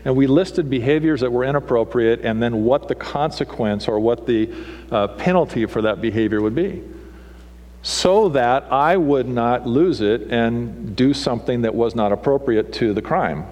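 Middle-aged pastor preaching, lively and theatrical, does little voices, big echoey sanctuary sound. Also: male voice, normal speed, muffled recording. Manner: animated, mimics people with raised pitch and punchy delivery. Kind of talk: sermon.

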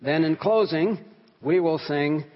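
A man's voice: on the high side, measured pace. A man preaching a sermon on a hymn, earnest and emphatic, rising and falling in volume as he stresses words. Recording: long hall reverb, dull sound.

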